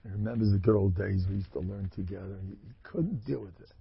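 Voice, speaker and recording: A man giving a storytelling sermon, talking in an animated way with sudden loud, emphatic rises. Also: on the low side, fast, gravelly, husky. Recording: dull lo-fi dry recording.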